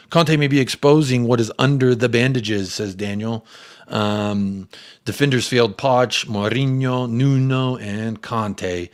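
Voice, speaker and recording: A young American man runs a football fan channel live stream, reading viewers' comments aloud and shouting them out one at a time. His medium-pitched voice is animated and chatty, though a little slow.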